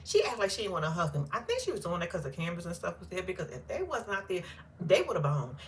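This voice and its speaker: A woman's voice: fairly low pitch, huge pitch swings, fast, slight background noise. A woman hosting a casual reality TV recap, talking bluntly and animatedly, with plenty of cursing and laughter. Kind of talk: casual reaction commentary.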